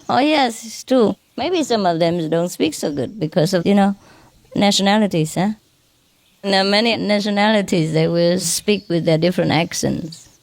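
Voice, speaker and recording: A woman's voice: mid-range voice, normal speed, background noise. A woman spiritual teacher giving an informal lecture, chatty and self-mocking, often ending phrases with a questioning "huh?". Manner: self-mocking, joking about her broken English.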